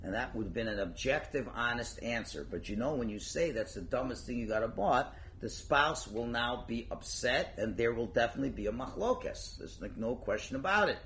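A man's voice: mid-range voice, brisk, hardly any pauses, slight background noise. A man teaching a Torah class as a rabbi, casual and joking, acting out everyday arguments and mixing in Hebrew and Yiddish terms. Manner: animated, joking, acts out everyday dialogue. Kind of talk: informal religious lecture.

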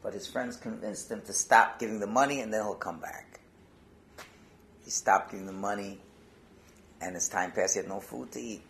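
A man teaching through storytelling, animated and conversational, swinging between loud stretches and hushed ones. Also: lowish voice, moderate pace, creaky, long pauses, slight background noise. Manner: conversational asides and restarts. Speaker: Torah teacher. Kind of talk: storytelling talk.

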